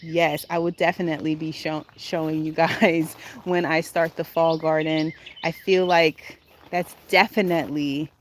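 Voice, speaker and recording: A woman's voice: deep voice, level tone, a little slow, slight background noise. A woman in her thirties hosting a spontaneous live chat from her home garden outdoors, bubbly, laughing often and greeting viewers as they join. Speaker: gardening livestream host. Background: birdsong.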